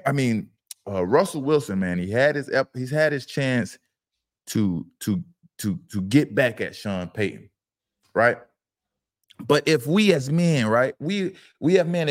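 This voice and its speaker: A man's voice: fairly high pitch, a little mellow. A middle-aged man, a former football player co-hosting a casual sports talk show, telling stories emphatically and repeating his phrases.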